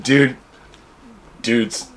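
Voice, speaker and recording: A man's voice: mid-range voice, drawn-out words. A man co-hosting a podcast in Japan, telling crude stories with lots of swearing. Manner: lively storytelling, swearing, laughing. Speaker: podcast co-host. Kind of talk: crude casual chat.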